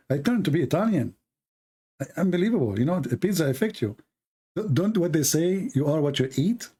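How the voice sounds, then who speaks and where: A fairly quick, slightly high male voice, husky and warm, with lively intonation. He hosts an online show, offering casual, mocking commentary while laughing at his own jokes. His speech rambles with constant restarts and fillers, and his non-native English carries grammar slips.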